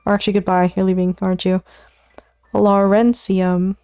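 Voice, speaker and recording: Streaming as she studies, a woman murmurs element names under her breath in a flat, mid-range voice at normal speed, frequently sinking into whispers. Mellow and smooth with no room sound, the casual chatter includes self-deprecating laughs at her own mistakes.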